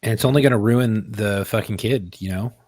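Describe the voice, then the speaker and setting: A man co-hosting a podcast in casual chat, blunt and quick to swear. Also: lowish voice, darkish tone, no echo. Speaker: podcast co-host.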